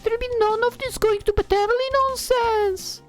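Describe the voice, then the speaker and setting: A woman voicing a bubbly, pushy young heroine in a high, sing-song way, reading a visual novel. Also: fairly even intonation, moderate pace, soft background music. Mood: teasing.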